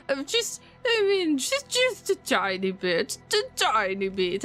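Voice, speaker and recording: A woman who streams games chats casually with her viewers as she plays, teasing them playfully and joking in reply to their messages. Her voice sits at a medium pitch with wide swings, a slow pace and a slightly bright tone.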